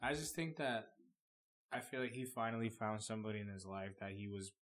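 A man co-hosting a casual podcast, animated at times and trailing off quietly. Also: lowish voice, fairly quick. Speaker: podcast co-host. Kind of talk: casual chat.

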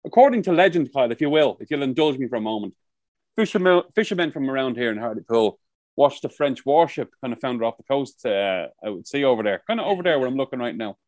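A man's voice: mid-range voice, big pitch swings, fast, darkish tone, no echo. Rambling, swearing man telling stories. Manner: rambling storyteller, swears a lot. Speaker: podcast co-host. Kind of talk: casual chat. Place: outdoors by the coast.

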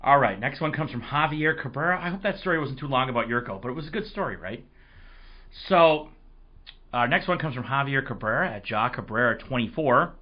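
A man hosting a casual sports podcast, his voice hoarse, telling rambling, excitable stories. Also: medium pitch, a little fast, dull audio. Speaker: podcast host.

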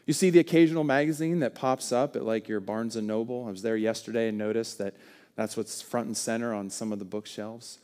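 Man, sermon, earnest, pushes loud then goes soft, mid pitch. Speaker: pastor.

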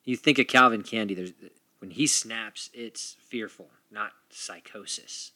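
Brief: playful male podcast moderator, very bright sharp tone, dry close sound. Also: fairly low pitch, unhurried, no room sound. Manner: playful, theatrical announcing. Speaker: podcast host moderating a debate. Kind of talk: casual moderating chat.

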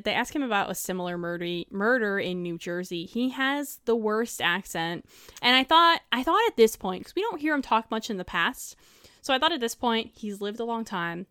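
A woman's voice: medium pitch, a bit bright, smooth, no room sound, clean studio sound. A woman co-hosting a casual film review chat, laughing often and swearing casually. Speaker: podcast co-host.

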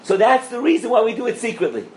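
Animated rabbi lecturing in a roomy hall. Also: male voice, extremely high pitch, fast, a little hiss or hum. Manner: animated, asks the audience questions, mixes in Hebrew and Yiddish terms. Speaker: rabbi giving a Torah class. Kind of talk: lively Torah lecture to a live audience. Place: lecture room with an audience.

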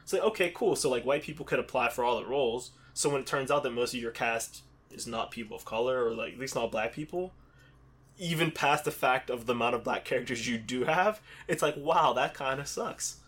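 A man's voice: mid-range voice, a little fast, a bit bright, breathy edge. A man from Pittsburgh talking in a casual, rambling way, with lots of fillers and restarts. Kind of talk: casual chat.

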